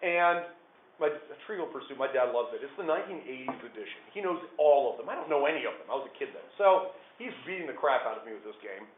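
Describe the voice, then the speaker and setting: Animated male storyteller, tinny and echoey. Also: medium pitch, fast talker, slight background noise. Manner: animated, with big swings between hushed and loud. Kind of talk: live personal storytelling to listeners. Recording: echoey room over a tinny phone-like line.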